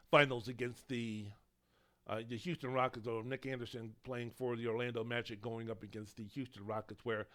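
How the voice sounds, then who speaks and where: Man, mid-pitched voice, solo sports podcast host, rambling, opinionated, casual swearing. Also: a bit bright.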